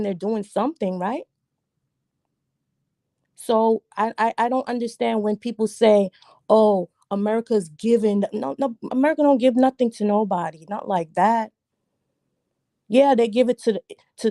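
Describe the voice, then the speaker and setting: A woman from Jamaica speaks on a livestream discussion panel, pressing her argument hard and hammering it home with repeated phrases. Her voice is warm and mellow. It sounds dry and close, with no room echo. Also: mid-range voice. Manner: emphatic, argumentative, repeats points for stress.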